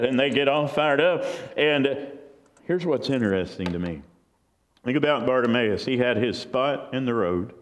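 Preacher man in a reverberant hall. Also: medium pitch. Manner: storytelling, acts out crowd voices. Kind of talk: sermon.

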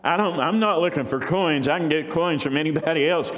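Preacher acting out a desperate blind beggar. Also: male voice, on the high side, a little fast, a bit bright, pitched above the performer's own voice, lightly acted. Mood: pleading. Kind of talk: sermon. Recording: long hall reverb.

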